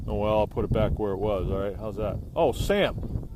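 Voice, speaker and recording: A man's voice: fairly low pitch, moderate pace, dark tone, slight background noise. Middle aged new guy rambling on his phone outside, easygoing and jokey, faint fire roar behind. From New England. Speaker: biochar maker streaming live. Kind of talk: casual live-stream demonstration. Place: outdoors beside a burning kiln. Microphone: phone held by the speaker.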